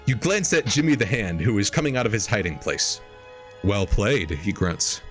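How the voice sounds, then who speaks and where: A man hosting a podcast, reading an AI-written story aloud as a comedic dramatic reading and pitching quoted lines up into exaggerated voices. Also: big pitch swings, brisk, faint music behind. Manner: reads quoted lines in exaggerated higher voices, laughing at the text. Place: home streaming setup.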